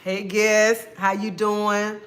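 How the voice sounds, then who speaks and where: A woman's voice: medium pitch, little pitch movement, slow, fairly bright tone. A woman hosting her own livestream, greeting viewers by name and talking casually about faith and her life. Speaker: livestream host.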